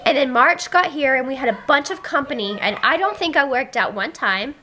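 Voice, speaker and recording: A woman in her thirties, a busy mom and family vlogger, chats casually to the camera at home about her day, rambling and fed up with her squabbling kids. Her voice is high, expressive and brisk, with a little hiss or hum, and children squeal and yell in the background.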